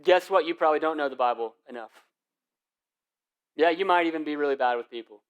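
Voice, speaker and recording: A young man preaching from the pulpit, his voice sitting a little higher than most men's. He tells stories with casual slang, swinging between loud bursts and quiet, hushed moments. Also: quick pace, clear, resonant tone, highs cut off. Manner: animated storytelling with casual slang. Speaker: lead pastor. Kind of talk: sermon.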